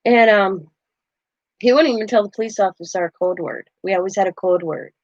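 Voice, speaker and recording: A woman's voice: medium pitch, fairly quick, dry recording, highs cut off. Chatty middle-aged woman telling a story. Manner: chatty, animated, laughs through her story. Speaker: crafting channel host. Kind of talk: casual storytelling.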